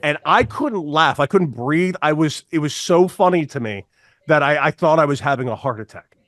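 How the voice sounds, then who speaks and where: Animated male storyteller, dry close sound. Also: fairly high pitch, normal speed, no echo. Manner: animated storyteller, switches voices for quotes. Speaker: podcast guest, former baseball player. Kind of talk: casual storytelling.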